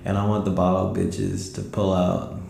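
A man's voice: low voice, monotone, moderate pace, creaky, a little mellow. A tired young man rambling in slangy, laid-back casual talk as a podcast host at home late at night. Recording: roomy echo with faint music.

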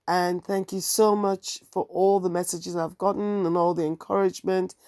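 A woman's voice: fairly low pitch, dark tone, no echo, clean studio sound. A woman hosting her own podcast, talking candidly in a wry, ranting monologue. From African heritage. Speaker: podcast host and bookseller.

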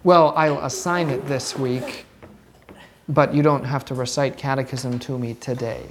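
A woman teaching a church catechism class, brisk and playful, often repeating her words. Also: a bass voice, steady tone, a little hiss or hum.

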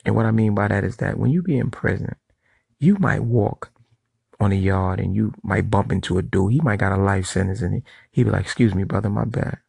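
A man's voice: fairly low pitch, a little fast, creaky, a little mellow, breathy edge, no echo. A middle-aged man giving a blunt, profane monologue to camera, telling street stories. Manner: storytelling. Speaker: vlogger.

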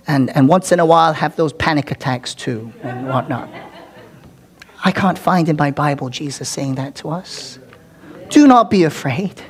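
A man's voice: on the high side, moderate pace. A male pastor preaching a sermon with dramatic delivery, repeating words for emphasis and dropping into whispers. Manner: repeats words for emphasis, occasional filler ums.

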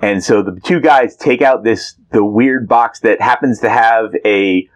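A playful man co-hosting a podcast and teasing his partner as he recaps a comic. His voice sits slightly low, and his casual talk is full of hesitations. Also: measured pace. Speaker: podcast co-host.

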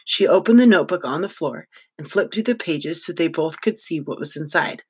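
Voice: medium pitch, animated, fairly quick, slightly rough. Audiobook narrator, wry storytelling vibe, kids' novel read aloud.

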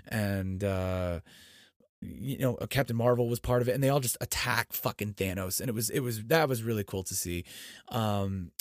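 Excitable, foul-mouthed male storyteller. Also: lowish voice, no echo, studio quality. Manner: animated, profane storyteller with big swings in loudness. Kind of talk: excited casual movie recap.

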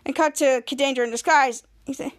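Female podcast host with a high voice, chatty scene-by-scene TV recap. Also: fairly even intonation, a little fast. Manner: retells scenes line by line, quoting the characters. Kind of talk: casual TV episode recap.

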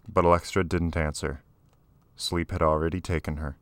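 A man narrating an audiobook in a steady, even storytelling manner. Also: very deep voice, moderate pace, clear, resonant tone, no echo. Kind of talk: scripted narration.

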